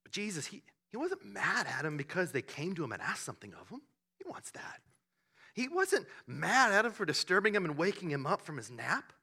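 A man delivering a sermon with a high, very bright voice that swings widely in pitch. He tells the story with animated bursts and quiet asides. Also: a little fast, hardly any pauses, breathy edge. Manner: animated storytelling, acting out the disciples in loud bursts and hushed asides. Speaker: pastor.

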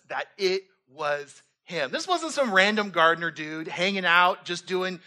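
A man preaching with a high, bright voice that stays animated. He slips into playful voices for the people in his stories and jokes along the way. His sermon talk is lively and easygoing. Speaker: pastor.

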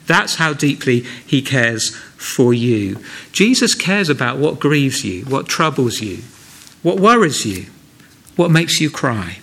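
Earnest preacher, conversational. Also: male voice, mid-range voice, sharp tone. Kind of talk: sermon. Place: church.

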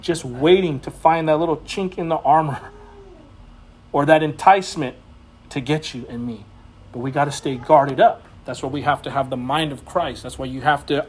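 Man preaching in slangy, passionate tones. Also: fairly high pitch. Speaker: Bible teacher. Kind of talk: casual sermon.

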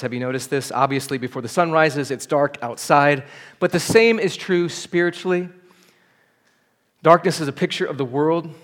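A man's voice: fairly high pitch, moderate pace. A man preaching a sermon at a church service, earnest and building to urgent appeals. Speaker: pastor.

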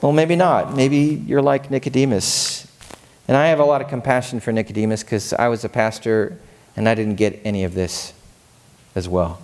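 A male pastor preaching a sermon, animated and storytelling, asking the congregation questions. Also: medium pitch, normal speed.

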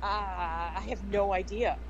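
A woman's voice: mid-range voice, steady tone, unhurried, highs cut off, noisy background. A woman in casual conversation, agreeable and chiming in with short remarks. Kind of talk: casual chat.

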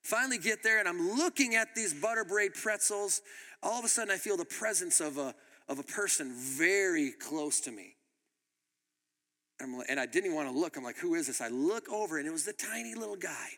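A man preaching a sermon as a pastor, an animated storyteller who laughs as he tells his stories. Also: high-pitched, fairly quick, in a large hall.

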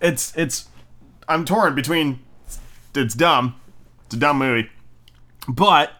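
The podcast host goes slowly here, his higher voice pushed and bright. He rambles through his movie review with cursing, ums and restarts, cracking jokes by imitating characters mockingly.

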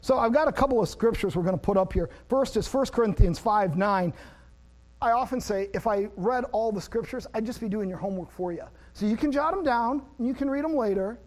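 Male pastor with a high voice, animated and self-deprecating in his stories, plain when teaching. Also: brisk. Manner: animated, self-deprecating storyteller who laughs at himself; shifts to plain teaching about scripture. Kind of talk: sermon with personal storytelling.

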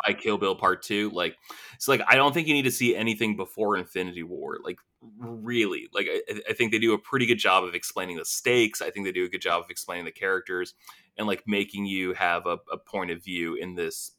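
Bright-toned, profane podcast host, man. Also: deep voice, fairly quick. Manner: profane, emphatic, laughs often. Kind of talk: casual chat.

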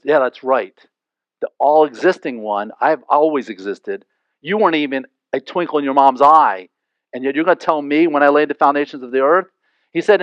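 A man's voice: a little high, lively intonation, moderate pace, no echo, highs cut off. A man preaching a sermon in a conversational way, full of asides and rhetorical questions. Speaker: pastor.

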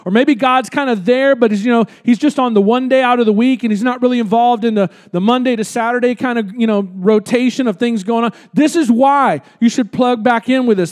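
A man's voice: extremely high pitch, fast, few pauses. A man preaching a sermon as pastor before a congregation, talking conversationally with rhetorical questions and repeating words for emphasis.

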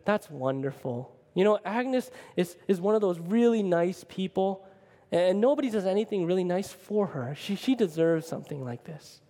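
A cheerful, smiling wife, put on by a preacher, speaks warmly and kindly. Her voice sits a little high, with a long hall reverb around it. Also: expressive, normal speed. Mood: pleased. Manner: warm, cheerful. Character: bright, cheerful woman, the cook's wife.

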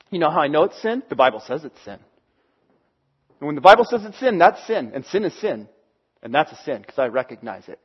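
A man's voice: high-pitched, lively intonation, normal speed, husky, lo-fi sound. A man preaching a sermon in a conversational way, acting out the voices he quotes. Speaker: pastor.

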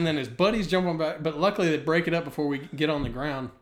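Man telling a lively story. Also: on the high side, fast talker. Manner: animated anecdote-telling, laughing through the story. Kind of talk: casual storytelling chat.

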